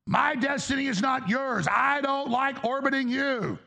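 A man's voice: extremely high pitch, measured pace, hardly any pauses, sharp tone. A male talk show host delivering an angry, exasperated political rant, blunt and profane. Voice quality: gravelly.

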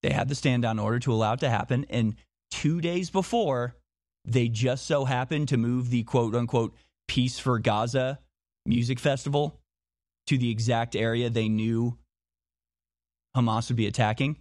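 A man's voice: medium pitch, normal speed, darkish tone, no room sound, studio quality. A man talking in a monologue, insistent, firing off repeated rhetorical questions and often restarting his sentences. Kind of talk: monologue commentary.

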